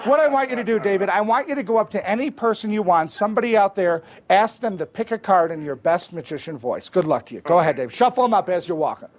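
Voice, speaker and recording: A man's voice: sits high, lively intonation, quick pace, hardly any pauses. A man performing as a stage magician, teasing a volunteer with joking banter before a live audience. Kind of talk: live comedy magic show. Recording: live stage with loud crowd noise.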